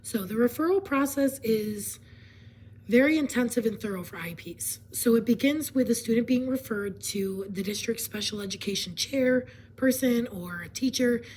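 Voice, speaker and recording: Hoarse woman with laryngitis, half-whispering. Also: a little high, normal speed, darkish tone, a little hiss or hum, low-quality recording. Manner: casual explaining with fillers and throat clearing. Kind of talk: explanatory presentation.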